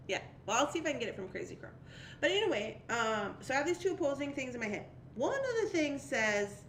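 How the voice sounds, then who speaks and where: Chatty woman, lively, echoey room. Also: fairly high pitch, a little fast, a little hiss or hum. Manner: chatty, laughs often, reads viewer comments aloud. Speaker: livestream host. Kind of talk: casual chat.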